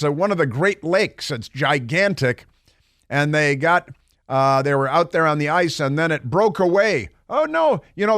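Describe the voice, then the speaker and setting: This middle-aged radio host, voice fairly high, mocks and meanders through an opinionated studio monologue laden with fillers and side remarks. The recording is dry, captured on a studio microphone.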